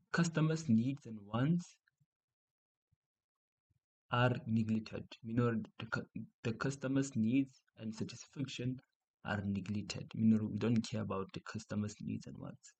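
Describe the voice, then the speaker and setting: South african guy teaching exam revision, says things over and over, warm low-key tone. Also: gravelly, rough recording. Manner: repeats key points, asks and answers his own questions.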